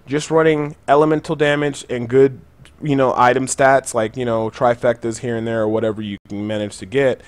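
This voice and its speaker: A young man talks through a game tutorial in a loose, chatty way, full of fillers and gamer slang. His voice sits at an ordinary middle pitch, recorded close and dry with no room sound. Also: dry recording. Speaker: gaming channel host. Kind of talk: gameplay tutorial commentary.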